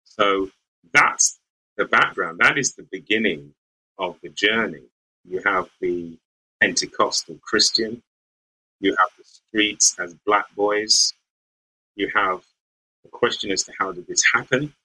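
A middle-aged lawyer from the West Midlands tells stories from his boyhood as an interview guest. His voice sits fairly low, yet it sounds bright and forward, with a husky edge. He talks reflectively, pausing and circling back as he works through his thoughts. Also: low-quality recording. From English West Midlands. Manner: thoughtful, searching, with frequent restarts and light laughs.

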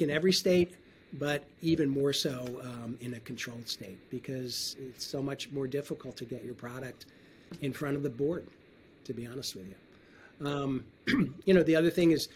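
A man talking casually as a wine trade guest in an interview, relaxed and often clearing his throat. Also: medium pitch, slight background noise.

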